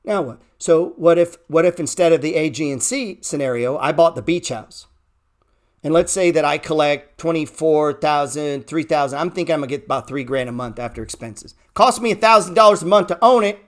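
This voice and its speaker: Brisk and blunt, a man runs an unscripted show about the stock market, cursing as he goes. He leans on repeated phrases for emphasis, and his volume swings from loud bursts down to low mutters.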